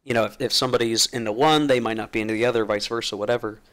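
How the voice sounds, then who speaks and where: A man talks through a casual, rambling essay, his voice sitting at an ordinary middle pitch. He circles back over his points with plenty of fillers and restarts. He is still getting over an illness and now and then clears his throat. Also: fairly even intonation, racing, a bit bright. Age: adult, played since teenage years through college. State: recovering from being sick, clearing throat. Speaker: channel host.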